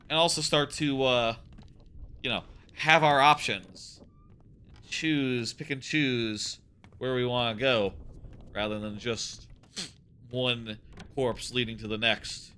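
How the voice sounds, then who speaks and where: A man's voice: mid-range voice, sharp tone, clear, resonant tone. A young man casually musing aloud as he plays through a game, rambling as he goes. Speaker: let's play host. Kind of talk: casual gameplay commentary.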